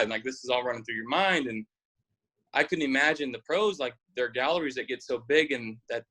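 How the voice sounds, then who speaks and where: A young man in his twenties, a football player chatting casually as an interview guest, relaxed and rambling with fillers. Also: mid-range voice, a little fast, poor audio.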